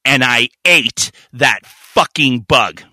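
A man co-hosting a podcast, telling a profane, animated story in casual chat. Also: medium pitch, slow pace, no echo. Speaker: podcast co-host.

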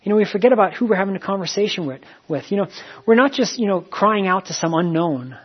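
Man preacher, husky tone, dull lo-fi recording, chatty storytelling delivery. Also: high voice, expressive, fast. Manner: plain conversational storytelling with many fillers and repeats. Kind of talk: sermon.

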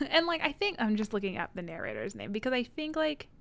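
A woman's voice: on the high side, wildly swooping pitch, moderate pace, creaky. A woman co-hosting a podcast, chatting animatedly about a book with swearing and playful asides. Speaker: podcast co-host. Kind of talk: casual book discussion.

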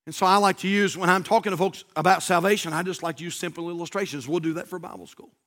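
Folksy pastor, high bright voice. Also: male voice, fast. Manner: folksy, animated, says "man" often. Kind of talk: storytelling sermon.

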